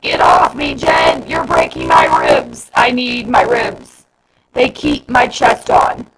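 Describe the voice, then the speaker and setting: A woman's voice: rumbling low, huge pitch swings, slow, very noisy, pitched below the performer's own voice, full character voice. Woman playing a wheedling, scheming schoolboy. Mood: whiny. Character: scheming, fast-talking schoolboy narrator.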